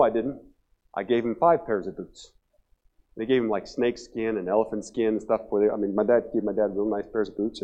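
A male pastor telling a story from the pulpit, swinging from excited bursts to hushed, quiet passages. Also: mid-range voice. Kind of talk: storytelling sermon. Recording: dull lo-fi sermon recording.

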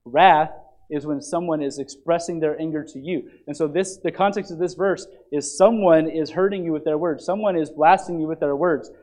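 A man with a somewhat high voice delivers a Bible lesson. He is earnest and emphatic and repeats key phrases to press his point. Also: steady tone, normal speed, a little mellow. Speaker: Bible teacher.

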